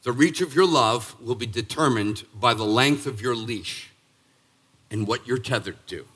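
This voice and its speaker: A man in his sixties from Boston, preaching a sermon as pastor in an emphatic, punchy way that jumps up in pitch and volume. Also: a little slow, a bit bright, breathy edge. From Boston, Massachusetts. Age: 60s. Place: church sanctuary.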